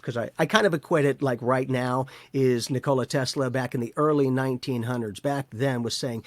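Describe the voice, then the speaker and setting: A man's voice: medium pitch, normal speed, hardly any pauses, no room sound. Enthusiastic male podcast host, dry sound. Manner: enthusiastic, excitable. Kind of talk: casual chat.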